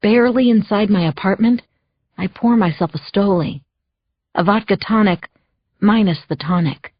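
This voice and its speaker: Husky woman narrating a tense thriller. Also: medium pitch, normal speed, no echo, highs cut off. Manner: tense, anxious storytelling. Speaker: audiobook narrator. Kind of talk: first-person thriller audiobook narration.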